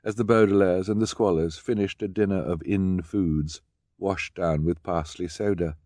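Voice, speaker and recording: Guy narrating audiobook, dry wry tone, low voice, close dry sound. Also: fairly even intonation, normal speed, mellow, no echo. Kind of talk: scripted narration.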